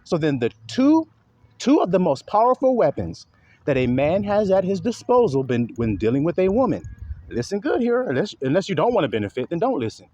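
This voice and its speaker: Man preaching, kinda high voice, bounces up and down a lot, asks the flock questions nonstop. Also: a little fast. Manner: animated, swings pitch widely, acts out exaggerated voices; calls out rhetorical questions to listeners. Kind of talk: sermon.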